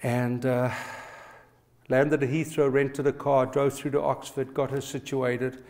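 Brief: middle-aged pastor, male, mid-pitched, storytelling sermon that keeps checking in with the congregation. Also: level tone, unhurried, darkish tone. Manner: personal storytelling, asks the audience to respond.

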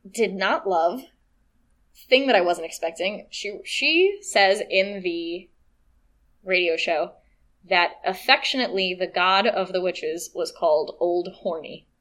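A woman co-hosting a podcast in casual chat, animated and quick to mimic voices. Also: mid-range voice. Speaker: podcast co-host.

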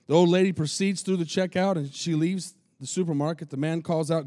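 A man preaches a sermon in a high, bright-pitched voice, folksy and full of calls to the congregation. The sound is close and dry, with little room echo. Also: normal speed, hardly any pauses. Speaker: lead pastor. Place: church with a tin roof.

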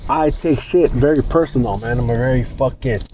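A man's voice: medium pitch, fairly quick, dark tone, slight background noise. A man hosting a podcast, telling a personal work story in a heated, profane, slangy way. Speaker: podcast host. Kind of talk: casual storytelling.

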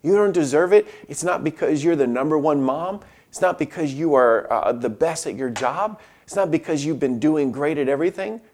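Impassioned preaching man, soft and loud turns. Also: a little high, animated, moderate pace, hardly any pauses, slight background noise. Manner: impassioned preaching, dropping to soft near-whispers on quoted lines. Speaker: pastor. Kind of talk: sermon.

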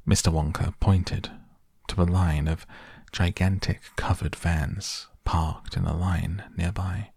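A man reading a children's novel aloud as an audiobook narrator, calm and measured. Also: low-pitched, vocal fry, breathy edge, dry recording, studio quality.

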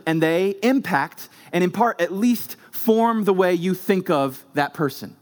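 Emphatic male pastor preaching a sermon. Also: fairly high pitch. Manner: emphatic, repeats short phrases for effect.

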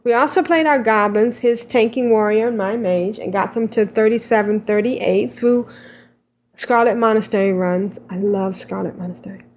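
A woman's voice: medium pitch, normal speed, darkish tone, a little hiss or hum. A woman co-hosting a casual gaming podcast, reading listener emails aloud with giggly asides. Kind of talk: casual chat.

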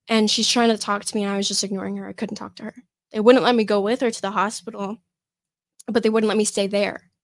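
A young woman from Michigan, USA, appears as a podcast guest and tells a personal story haltingly, with many fillers and restarts. Her mid-range voice has a flat delivery, and there's no room sound.

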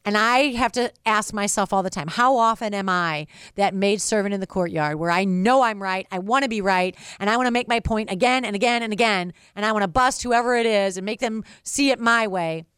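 A woman, a regular contributor, giving an expressive, reflective devotional talk on radio. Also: mid-range voice, a little fast, few pauses, clean tone, no room sound, clean studio sound.

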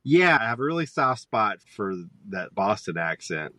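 A man in his thirties, a high school teacher, guest on a podcast, talking casually and opinionated, drifting onto tangents. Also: very animated, moderate pace, pushed and bright. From Georgia, US. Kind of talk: casual conversation.

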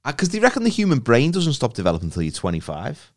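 A man's voice: medium pitch, wildly swooping pitch, fast. A man, telling stories with jokes and acting out the voices in a casual podcast chat. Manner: jokey storytelling, acts out quotes. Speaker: podcast co-host.

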